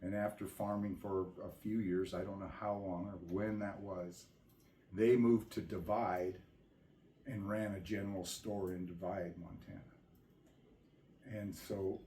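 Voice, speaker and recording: Low slow guy with a warm voice, telling old family stories in an echoey room. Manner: unhurried, thinking aloud with ums. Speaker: family member recounting history. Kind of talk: casual family storytelling.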